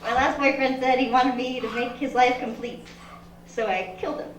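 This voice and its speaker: A woman doing a stand-up comedy set in a club, delivering deadpan one-liners with halting restarts. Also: high voice, slight background noise. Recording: roomy live room from far mic, audience laughter. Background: audience laughter.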